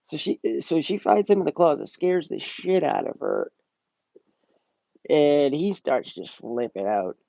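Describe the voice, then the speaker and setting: A man's voice: a little high, unhurried, gravelly, warm tone, no echo. A young man casually reviewing a movie on a live stream, rambling and swearing, often laughing. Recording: slightly muffled dry stream audio.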